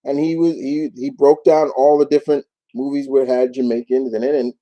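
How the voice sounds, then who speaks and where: A man from New York hosting a casual live Q&A, talking in a rambling, animated way with many restarts. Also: mid-range voice, a little fast, low-quality recording. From New York, United States. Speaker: YouTube show host.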